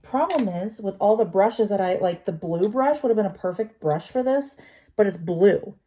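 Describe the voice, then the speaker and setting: A woman's voice: medium pitch, expressive, moderate pace, warm tone. A woman vlogging as she does her makeup, chatty and talking to herself with self-deprecating asides. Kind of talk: casual talk while doing makeup.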